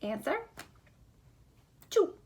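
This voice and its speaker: Slow-speaking teacher woman. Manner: slow, deliberate, encouraging with gentle teasing. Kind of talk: recorded distance-learning lesson.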